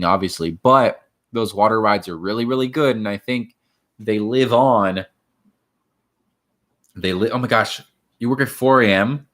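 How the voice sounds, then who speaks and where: Chatty young man, lowish voice. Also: fairly bright tone. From Miami, Florida. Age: 20s. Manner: rambling, chatty, greets viewers by name. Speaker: host of a livestream. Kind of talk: casual livestream chat, reading viewer questions. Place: at home.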